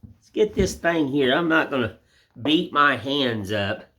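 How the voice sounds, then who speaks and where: A man's voice: medium pitch, expressive, unhurried. A man who chats in a folksy, rambling way while he carves wood in his workshop. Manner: folksy, rambling, down-home sayings. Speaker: woodcarver. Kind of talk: casual chat while carving. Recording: loud workshop tool noise. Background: loud chisel and mallet knocks.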